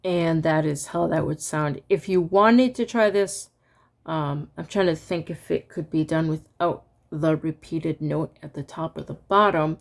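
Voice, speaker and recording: A woman teaching an online music lesson in a relaxed, halting way, stopping now and then to sing solfege syllables. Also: sits low, gravelly. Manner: relaxed and halting, many ums, sings solfege syllables to demonstrate.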